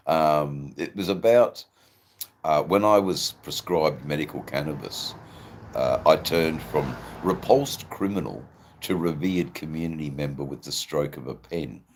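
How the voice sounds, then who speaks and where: Very deep gravelly Australian man. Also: a little hiss or hum. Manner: slow, rambling, with frequent ums and laughs. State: persistent cough. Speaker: livestream host. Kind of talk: casual livestream chat reading comments.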